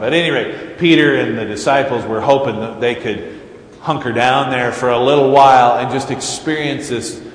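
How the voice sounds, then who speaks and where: A man preaching a sermon as pastor, slow and halting with many fillers and wry asides. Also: mid-range voice. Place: church sanctuary. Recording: echoey church hall with faint ambience.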